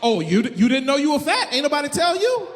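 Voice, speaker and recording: A man putting on a teasing older Haitian uncle with a heavy Haitian Creole accent. He is loud and mocking, and his voice is high. It rings through a hall with a long reverb and faint noise. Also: very animated, fast. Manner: mocking, exaggerated.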